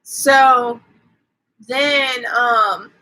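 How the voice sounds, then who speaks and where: A woman's voice: a little high, extremely slow, pushed and bright, rough recording. A woman hosting a casual live stream, retelling a movie plot in a rambling way, full of fillers, quoted dialogue and casual swearing. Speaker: host.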